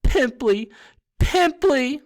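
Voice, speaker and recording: A man's voice: medium pitch, animated, a little slow, fairly bright tone, no echo, studio quality. A man voicing a mischievous male poltergeist who speaks slyly and bellows taunts. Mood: taunting.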